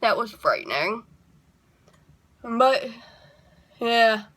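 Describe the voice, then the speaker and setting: Woman vlogging to her camera, kinda high voice, chatty and wry, goes off on little tangents. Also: animated, extremely slow, a bit bright. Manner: chatty and wry, rambling with asides. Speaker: YouTuber. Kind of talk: casual vlog monologue.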